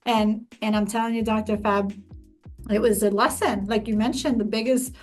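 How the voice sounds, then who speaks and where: A woman host telling a personal story in casual conversation, emphatic and animated, with many restarts. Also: mid-range voice, normal speed, faint music behind. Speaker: podcast host.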